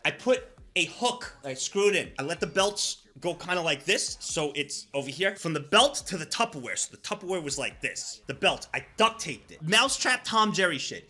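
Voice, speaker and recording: A man, a live streamer telling profane, animated stories and reacting loudly to chat. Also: high-pitched. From New York.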